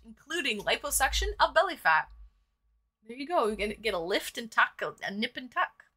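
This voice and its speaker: A woman's voice: fairly high pitch, bright, forceful tone. A woman streaming herself painting, chatting casually, reading viewer comments aloud and cracking crude jokes. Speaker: livestreamer reading chat. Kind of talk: casual livestream chat while painting.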